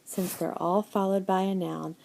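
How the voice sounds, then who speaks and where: A woman teaching a Spanish class in a recorded slideshow lecture, encouraging, dropping in Spanish words and reading answer lists slowly. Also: medium pitch, little pitch movement, gravelly, mellow. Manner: encouraging, switches between English and Spanish phrases.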